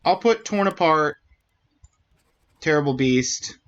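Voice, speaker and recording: A man's voice: fairly high pitch, expressive, takes it slowly, a bit bright, smooth, highs cut off. A man streaming a mystery game, thinking aloud and humming to himself as he works through it. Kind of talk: let's-play commentary.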